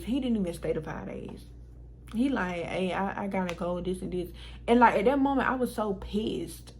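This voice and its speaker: A woman's voice: medium pitch, breathy edge, low-quality recording. A woman vlogger telling a personal story in casual storytime style, frank and exasperated, swearing freely and laughing between lines.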